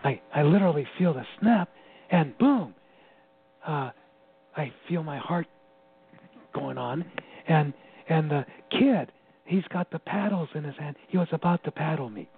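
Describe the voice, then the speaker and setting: A man giving an animated, personal account as an interview guest, often laughing as he tells it. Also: on the high side, measured pace, pauses often, breathy edge. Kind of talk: personal storytelling. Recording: tinny phone-line sound with faint hum.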